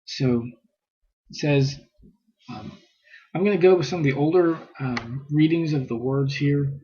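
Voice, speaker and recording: A man's voice: on the high side, a little slow, mellow, breathy edge, muffled recording. A man giving a casual scripture lesson, thinking aloud with fillers and reading passages aloud. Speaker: scripture teacher.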